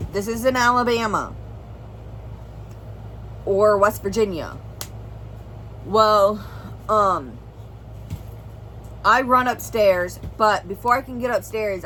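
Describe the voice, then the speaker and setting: A woman's voice: mid-range voice, bright, forceful tone, slight background noise, poor audio. A young woman vlogger telling a serious personal story in an earnest, rambling way, full of "like" and "well". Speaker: family vlogger.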